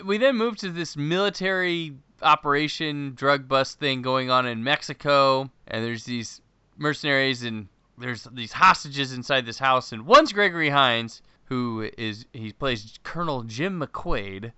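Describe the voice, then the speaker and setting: A man's voice: mid-range voice, unhurried, sharp tone, clean tone, dry recording, lo-fi sound. A man recapping a movie's plot on a casual podcast, with wry asides.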